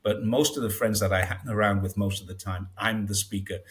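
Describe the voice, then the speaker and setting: A man in his sixties, born in Britain, chatting casually in an interview and telling stories with lively acted-out dialogue. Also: fairly low pitch, a little fast. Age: 60s. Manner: chatty storyteller, acts out dialogue in raised voices. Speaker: guest.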